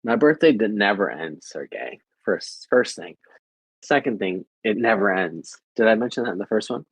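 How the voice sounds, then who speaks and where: A man's voice: on the low side, animated, normal speed, slightly rough, no echo, rough recording. A young adult American man chatting casually with viewers, rambling and repeating filler phrases. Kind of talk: casual chat.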